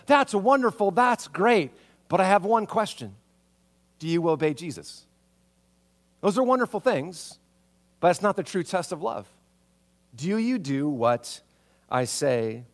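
High, animated male preacher. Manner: conversational, full of rhetorical questions and tag "right?"; animated, acts out reactions. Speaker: pastor. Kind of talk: sermon.

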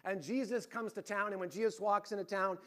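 High-voiced male pastor preaching. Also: a little fast. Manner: lively storytelling, swings between rising emphasis and hushed points. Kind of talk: sermon.

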